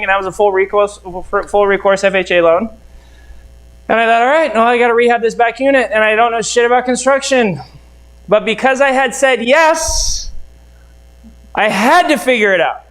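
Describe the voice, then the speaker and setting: A man's voice: sits high, steady tone, fairly quick, fairly bright tone, low-quality recording. A middle-aged man from the United States, a real estate mentor, telling a seminar story and acting out both sides of the conversations.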